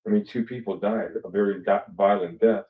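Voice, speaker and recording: Low-voiced male detective on dull archival tape. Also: steady tone, a little fast, reverberant. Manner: blunt, probing questions. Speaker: police detective. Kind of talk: recorded police interview.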